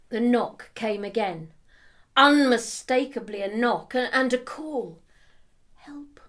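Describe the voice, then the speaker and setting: Woman telling a story, measured and hushed. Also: fairly high pitch. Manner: measured, dropping to hushed whispers. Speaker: narrator. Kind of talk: storytelling read-aloud.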